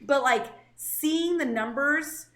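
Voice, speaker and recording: This woman in her thirties, from Southern California, co-hosts a casual podcast and speaks candidly, full of fillers and restarts. Her voice sits high and sounds a bit bright, her pace is slow, and the room is reverberant.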